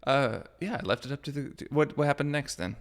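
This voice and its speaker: Gravelly-voiced man on a gaming podcast. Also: medium pitch, expressive. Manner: laughing, halting restarts. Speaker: podcast co-host. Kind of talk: casual chat.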